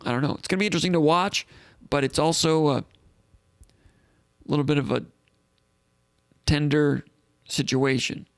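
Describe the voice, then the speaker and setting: A man's voice: a little high, normal speed, long pauses, no room sound, clean studio sound. A man hosting a live call-in sports show in a casual, rambling way, reading out comments and thinking aloud.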